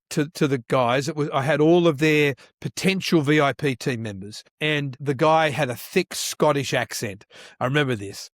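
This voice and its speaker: A man guesting on a church-leadership podcast, telling stories with lively acted-out dialogue and frequent restarts. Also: fairly high pitch, no echo, studio quality. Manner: animated storyteller who acts out quoted dialogue; frequent restarts and repeated words. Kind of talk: conversational podcast interview.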